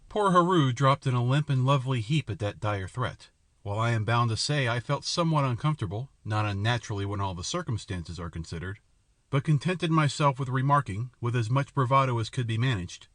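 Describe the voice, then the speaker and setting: A man narrating an adventure novel in a measured, even storytelling manner. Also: medium pitch, no echo. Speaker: audiobook narrator.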